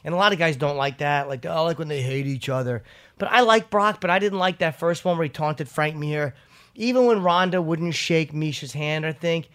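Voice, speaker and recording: Man, talk show host, fairly high voice, rambling, profane, casual, restarts sentences. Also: normal speed, a bit bright, smooth. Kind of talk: casual chat and live ad read.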